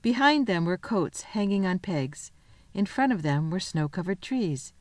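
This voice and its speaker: A woman reading a children's novel aloud in a lively, expressive storytelling manner. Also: lowish voice, measured pace, no echo. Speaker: reader.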